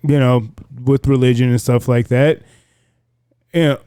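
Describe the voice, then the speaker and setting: A man who is a music producer and podcast guest, talking in a relaxed, reflective way with casual swearing. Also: mid-range voice, measured pace, clear, resonant tone, no echo, studio quality.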